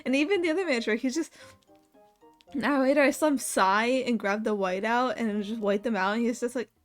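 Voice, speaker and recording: Young female streamer, casual laughing storyteller, a bit high-pitched, soft music underneath. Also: brisk. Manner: laughs often while telling a story, animated quoting of others. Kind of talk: casual chat.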